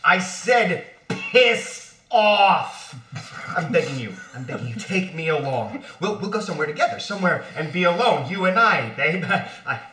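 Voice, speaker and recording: A man's voice: fairly high pitch, sharp tone. A man reading the part of a desperate, foul-mouthed baby boy in an amateur play reading. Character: infant boy pleading with crude adult talk. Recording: echoey room.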